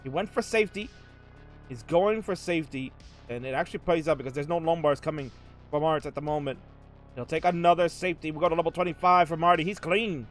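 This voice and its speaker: A man hosting and commentating a live game stream, jokey and hyped, jumping to shouts at big moments. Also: fairly high pitch, moderate pace, soft background music. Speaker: host and commentator. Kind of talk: excited live play-by-play commentary.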